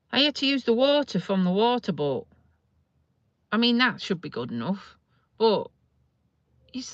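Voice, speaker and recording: A woman's voice: mid-range voice, fairly bright tone, no echo, highs cut off. A woman, chatting and grumbling to viewers on a phone livestream from a parked car, with some mild swearing. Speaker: vlogger doing a phone livestream. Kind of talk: casual ranting chat to viewers. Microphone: phone held in front of her.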